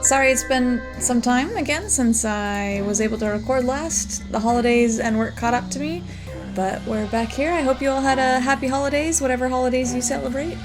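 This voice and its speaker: A woman's voice: high voice, brisk, poor audio. A woman hosting a gameplay video, chatting casually and laughing often as she plays. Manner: chatty, laughs often, reads dialogue aloud. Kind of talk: casual let's play commentary and reading game text. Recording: background music under voice.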